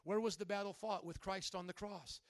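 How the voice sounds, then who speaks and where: A male pastor delivers a sermon in a high, impassioned voice. He presses the congregation with direct questions. The sound is dry, with no reverb. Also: steady tone, normal speed.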